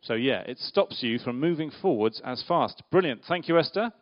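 Male preacher, playful and interactive with the room, mid-pitched voice on a dull, muffled recording. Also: moderate pace, a little hiss or hum. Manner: lively, questions the audience, playful. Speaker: preacher giving a children's talk. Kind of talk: interactive church talk with slides and volunteers. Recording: dull lo-fi sound.

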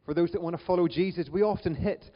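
Northern Irish male preacher, chatty sermon, slightly high voice, long reverb. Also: fairly even intonation, fast. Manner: chatty, self-deprecating, frequent ums. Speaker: visiting preacher. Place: church hall. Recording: dull church recording with long reverb.

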